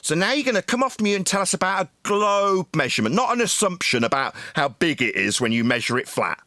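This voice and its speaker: A man yelling and hurling insults at someone in a heated online voice-chat debate. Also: high voice, very animated, fast, no echo, clean studio sound. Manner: shouting, insulting, domineering. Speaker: debate stream host.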